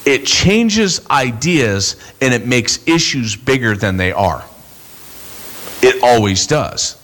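Male pastor, conversational sermon, animated, expressive pitch swings. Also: slow pace. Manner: animated, acts out quoted voices, bursts into shouts.

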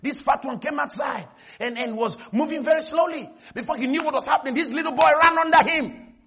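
A man preaching a sermon, telling a story with animated energy and bursting into shouts. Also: very high voice, brisk.

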